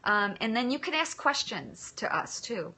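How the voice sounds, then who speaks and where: A woman's voice: a little high, very animated, moderate pace, pushed and bright. A woman hosting a casual phone livestream, chatting with viewers, thanking them by name, and drifting into side remarks. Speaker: livestream host.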